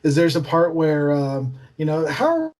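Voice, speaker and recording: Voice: mid-range voice, sing-song, a little slow, darkish tone. A podcast co-host chatting casually about a TV episode, agreeing often and animatedly retelling scenes. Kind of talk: casual fan discussion.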